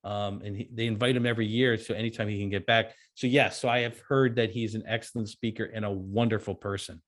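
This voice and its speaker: A man's voice: fairly low pitch, fairly even intonation, quick pace. A man who is an author and beekeeper, a guest in a casual interview, easygoing, telling anecdotes and laughing often.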